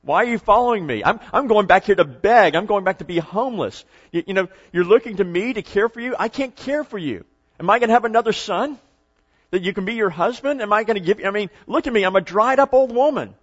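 A man voicing a grieving old widow who pleads loudly, then turns bitter. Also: sits high, expressive, fast talker, slightly rough, pitched above the performer's own voice. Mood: pleading. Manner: pleading, raised voice. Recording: dull lo-fi recording.

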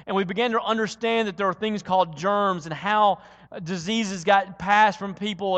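A male preacher with a notably high voice delivers an earnest sermon. He tells stories and drives points home with repeated phrases. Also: a bit bright, big-room sound. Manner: earnest, storytelling, with rhetorical repetition.

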